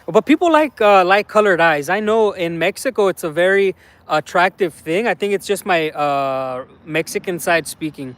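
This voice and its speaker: Livestream host, high male voice, loose rambling chat, close dry sound. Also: moderate pace, no echo. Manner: relaxed, rambling, many fillers.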